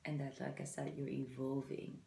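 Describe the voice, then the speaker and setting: A woman's voice: very deep voice, little pitch movement, normal speed, creaky, warm tone, echoey room, low-quality recording. A woman giving a casual, encouraging tarot reading and talking straight to her viewers with many "you know"s. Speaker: tarot reader.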